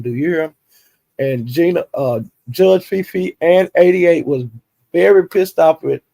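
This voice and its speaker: A man hosting a livestream spills gossip in a drawling, profane, animated way. His slightly high voice has a gravelly fry, and the sound is close and dry. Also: no room sound. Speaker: livestream host. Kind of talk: casual gossip commentary.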